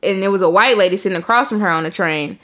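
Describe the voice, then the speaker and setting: A woman's voice: mid-range voice, fast. A woman co-hosting a podcast, telling stories in casual chat, swearing freely and acting out the voices of the people in them. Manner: animated storytelling, acts out voices, swears a lot. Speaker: podcast co-host.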